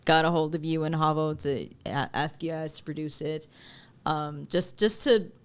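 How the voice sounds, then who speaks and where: A woman co-hosting a podcast, chatting casually and telling animated stories about making short films, full of fillers and quoted asides. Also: sits low, moderate pace, smooth. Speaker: podcast co-host and filmmaker. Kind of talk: casual chat.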